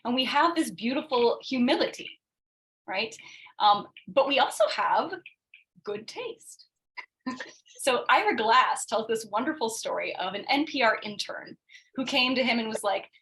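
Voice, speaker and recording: A woman presenting an interactive coaching workshop over a video call, animated, acting out quoted voices and often checking in with tag questions. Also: a little high, a little slow, poor audio.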